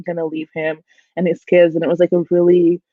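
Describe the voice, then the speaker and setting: A woman's voice: on the low side, brisk, dry recording. Chatty young woman on tinny call audio. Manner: chatty, animated, many "like" fillers. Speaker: book channel host. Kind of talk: casual book discussion livestream. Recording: dry, tinny phone-like audio.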